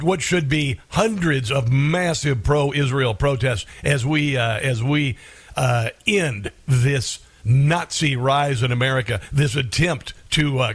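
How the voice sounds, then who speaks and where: A man's voice: medium pitch, no room sound. A man hosting a talk radio show, delivering a combative, sarcastic monologue with frequent chuckles.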